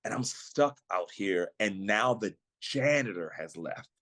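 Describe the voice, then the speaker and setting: A man on a podcast, earnestly telling a personal story of faith in a reflective way, slowing down at the emotional moments. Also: fairly low pitch, expressive, a bit bright, dry recording. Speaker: guest, actor and singer.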